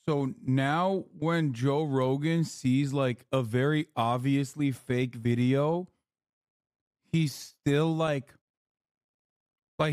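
A man's voice: a little high, no room sound, studio quality. A male streamer chatting casually as he reacts to clips, sarcastic, profane and mocking. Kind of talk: casual chat.

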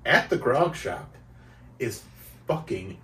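Comedy podcast host, male, mid-pitched, lively and teasing; recorded roomy and off-mic. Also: recorded from a distance. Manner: teasing, drawn-out explaining. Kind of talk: casual comedy chat.

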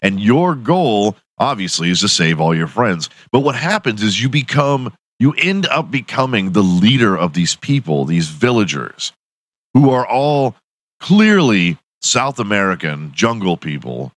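A man's voice: lowish voice, big pitch swings, unhurried, fairly bright tone, dry recording. A young man hosting a podcast, telling a profane, laughing story in casual monologue. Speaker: podcast host.

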